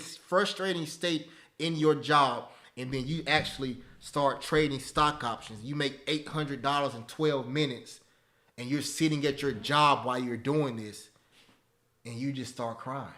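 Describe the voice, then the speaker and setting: A man in his thirties leads a live online class in an animated, preachy manner, repeating his phrases and checking in with "okay?". His voice sits a little high for a man and sounds bright and forceful. He talks into a webcam mic. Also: measured pace. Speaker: webinar host teaching stock options. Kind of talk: live webinar talk, motivational.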